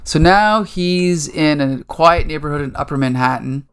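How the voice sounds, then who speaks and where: A man's voice: a little high, unhurried, fairly bright tone, smooth. A man hosting a podcast, recapping a story in a loose, rambling casual chat. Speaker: podcast host.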